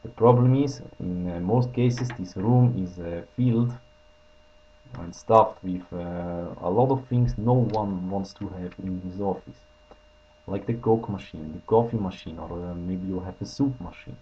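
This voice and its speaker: Low-voiced man with a Russian accent. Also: measured pace, muffled recording, a little hiss or hum. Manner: hesitant, frequent filler sounds. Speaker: inventor presenting a prototype. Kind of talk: casual product demo.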